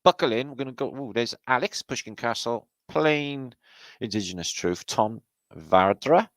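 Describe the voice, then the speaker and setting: A man's voice: mid-range voice, moderate pace, dry recording. A man with a Welsh accent hosting a casual livestream, greeting viewers by name with jokey, sweary banter. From Wales. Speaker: livestream host.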